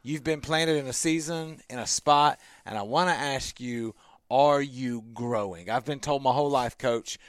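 A man's voice: mid-range voice, moderate pace, clean tone, no echo. A man from Tennessee hosting a casual radio talk show, upbeat and jokey, laughing often, recorded with a studio microphone in a small office. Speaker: radio show host and guest speaker.

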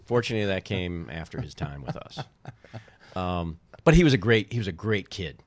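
A man's voice: deep voice, expressive, normal speed, slight background noise. A middle-aged man, a former baseball team co-owner, telling rambling stories in casual chat and often breaking off his own sentences. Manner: rambling, self-interrupting storyteller.

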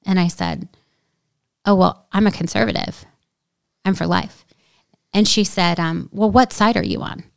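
A woman's voice: lowish voice, big pitch swings, unhurried, gravelly, long pauses, no room sound. A woman telling a story in casual conversation, speaking earnestly and shifting into preacher-like emphasis. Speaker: guest.

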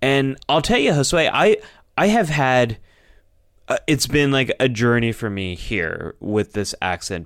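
A man co-hosts a podcast in casual, animated chat, often repeating words as he thinks. His voice is fairly low, a bit bright, clear and resonant, recorded dry at studio quality.

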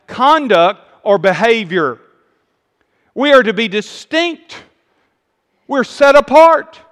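A man's voice: very high-pitched, big pitch swings, takes it slowly, fairly bright tone. Emphatic preacher man in a reverberant hall. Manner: emphatic, rising and falling delivery with repeated phrases. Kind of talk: sermon.

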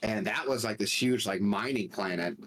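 A young man on a gaming podcast, chatting excitedly and rambling, with frequent swearing. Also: fairly low pitch, moderate pace, poor audio. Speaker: podcast co-host. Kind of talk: casual gaming chat.

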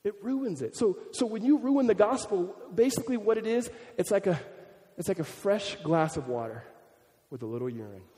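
A man preaching a sermon as a pastor, animated and conversational, often restarting his sentences. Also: sits high, normal speed, in a large hall.

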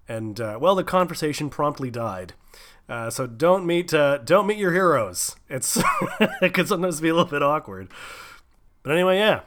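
A man's voice: medium pitch, big pitch swings, fairly quick, fairly bright tone. Chatty man on radio. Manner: rambling, chatty, laid-back. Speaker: radio host. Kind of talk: casual radio storytelling. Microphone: studio radio mic.

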